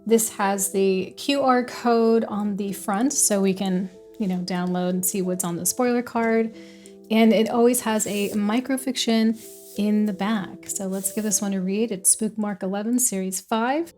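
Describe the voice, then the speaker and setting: A woman's voice: medium pitch, fairly even intonation, unhurried, dark tone, faint music behind. A young adult woman casually chatting as a book vlogger who giggles and rambles between thoughts. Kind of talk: casual unboxing chat.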